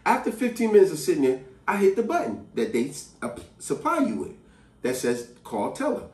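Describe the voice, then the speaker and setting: A man vlogger tells a story in an emphatic, chatty way. His voice rises and falls with feeling and sits a little high for a man. The sound is roomy and distant. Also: a little fast. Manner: animated, emphatic, conversational. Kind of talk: storytelling to camera. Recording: echoey room, distant mic.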